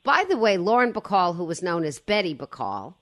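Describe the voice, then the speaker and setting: Woman radio host, hoarse throaty low voice, chatty, digressive. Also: big pitch swings, fairly quick, fairly bright tone. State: hoarse from a slight cold. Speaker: radio talk show host. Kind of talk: casual radio chat.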